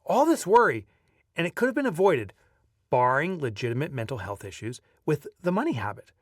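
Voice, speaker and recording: A man reading his own audiobook aloud, lively as a storyteller and breaking off now and then for casual asides. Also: a little high, a little fast, no echo, studio quality, recorded from a distance. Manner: lively storyteller who breaks off to chat offhand. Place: video recording setup.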